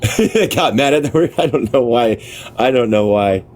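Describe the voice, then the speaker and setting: A man hosting a livestream, reading a book aloud in a casual, halting way, stopping to puzzle over words and talking offhand to viewers. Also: mid-range voice, animated, darkish tone. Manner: talks to viewers offhand, apologetic. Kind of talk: casual live reading with chat asides.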